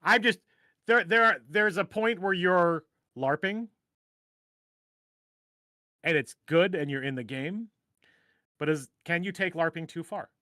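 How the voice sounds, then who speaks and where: A middle-aged man hosts a casual live stream in a slightly high voice. He rambles, jokes at his own expense and circles back on his thoughts. The sound is dry and close. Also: measured pace, long pauses, pushed and bright, no echo. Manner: rambling, joking, self-deprecating. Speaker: host.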